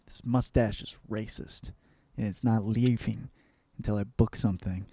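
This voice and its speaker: A man hosting his own comedy podcast, talking in a profane, rambling monologue that swings between mumbled asides and loud rants. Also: fairly low pitch, fairly even intonation, moderate pace, no room sound.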